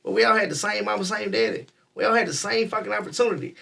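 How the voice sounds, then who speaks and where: A man with a high voice pushes his point hard, cutting in with repeated denials. He sits a little back from the mic, so he sounds slightly distant. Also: fast talker, gravelly, bright, forceful tone. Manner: insistent, talks over others with repeated "no, no". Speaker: podcast co-host. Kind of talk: heated casual debate.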